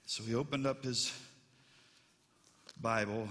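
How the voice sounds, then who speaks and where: A man's voice: medium pitch, normal speed, long pauses, bright, forceful tone. A male pastor preaching a sermon in an earnest, storytelling manner that turns heartfelt. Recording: long reverb, instrumental music behind.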